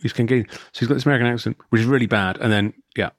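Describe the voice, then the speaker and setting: A man's voice: medium pitch, racing, no echo, studio quality. A man co-hosting a podcast, reviewing a film in casual chat, often repeating words, swearing and laughing. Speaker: podcast co-host.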